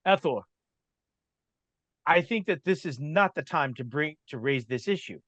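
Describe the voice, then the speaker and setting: A man's voice: fairly high pitch, expressive, a little slow, fairly bright tone, no echo. A man voicing an indignant male merchant guild member who protests in an outraged, blustering way.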